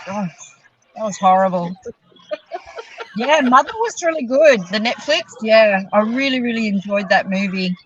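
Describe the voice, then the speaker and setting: A woman's voice: mid-range voice, lively intonation, normal speed, fairly bright tone, dull audio, slight background noise. A woman co-hosting a podcast in casual chat, chatty and enthusiastic, laughing easily. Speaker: podcast co-host.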